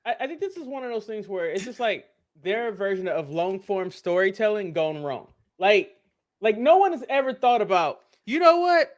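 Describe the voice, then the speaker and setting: Homem de voz aguda reclamando. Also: male voice, high-pitched, animated, moderate pace. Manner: exasperated ranting, restarts. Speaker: podcast co-host. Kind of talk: casual chat.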